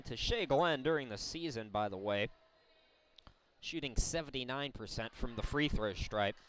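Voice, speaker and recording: Measured college basketball announcer, man. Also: a little high, fairly bright tone, clear, resonant tone. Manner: measured, explains the situation between plays. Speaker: play-by-play announcer. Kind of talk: sports commentary. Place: college gym broadcast.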